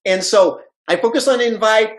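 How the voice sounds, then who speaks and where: A man's voice: high-pitched, moderate pace, poor audio. A man speaking English as a second language tells his sales story with energy. He acts out the voices of the people in it and keeps the story moving like a motivational speaker. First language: not English. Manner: animated storyteller, acts out quoted dialogue. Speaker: network marketing speaker.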